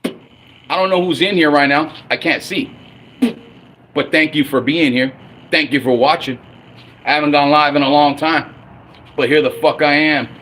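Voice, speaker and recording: A man's voice: fairly high pitch, fairly even intonation, moderate pace, long pauses, a bit bright, slight background noise. A man in his forties ranting angrily and profanely as a fan on his own livestream. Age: 40s. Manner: angry, profane, blunt. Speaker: livestream host.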